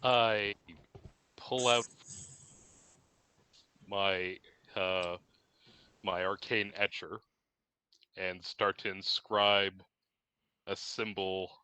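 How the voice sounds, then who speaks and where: Smooth-voiced tabletop player man. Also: low-pitched, fairly even intonation, pushed and bright, no room sound. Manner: deliberate, describing actions and rolls. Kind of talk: tabletop role-play.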